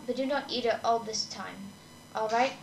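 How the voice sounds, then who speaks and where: A woman's voice: on the high side, normal speed, far from the mic, slight background noise, natural voice. A woman reading the lines of a kind, worried goat mother from a game. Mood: warm. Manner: reading game dialogue aloud in a near-normal voice. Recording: echoey room with game music.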